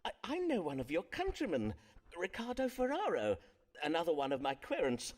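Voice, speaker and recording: A pompous Elizabethan astrologer from a period game, wordy and evasive, hedging with little fillers. His pitch rises and falls a lot, and his old-fashioned phrasing sounds formal and stiff. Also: wildly swooping pitch, normal speed, full character voice. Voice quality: archaic formal diction, hesitant fillers. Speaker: Elizabethan astrologer physician Foreman.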